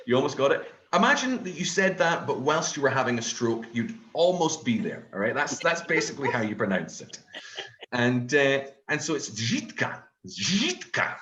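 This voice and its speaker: A Scottish man performing a stand-up comedy set, telling a story in an animated way and swearing often. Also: mid-range voice, roomy sound. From Scotland.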